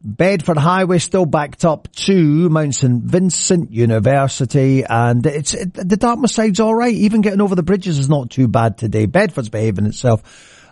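A man's voice: on the high side, very animated, moderate pace, a little mellow, dry recording, studio quality. A man hosting a morning radio show, chatting in a casual, jokey way and slipping into silly voices. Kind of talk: casual radio patter with traffic and comic history. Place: radio studio. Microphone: close studio mic.

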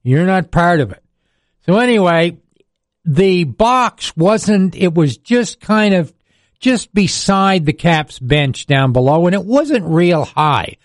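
Older man, radio sports broadcaster, rambling anecdotes, slightly high voice, dry close sound. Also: lively intonation, takes it slowly, no echo. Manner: rambling anecdotal storyteller, chuckles often. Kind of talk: casual storytelling chat.

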